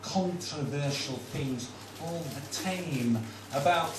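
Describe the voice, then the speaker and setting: A deadpan male comic who brags about his controversial jokes, as a man puts him on. He sounds flat and dry. The sound is distant, with an echoey room and noise behind. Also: a little high, slow pace. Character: male comic boasting of edgy humour. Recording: echoey bar heard from afar, noisy.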